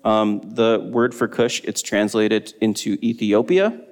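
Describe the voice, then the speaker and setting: A man teaching a Bible study lesson, explaining in a relaxed way with frequent ums. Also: on the low side, measured pace, long reverb tail.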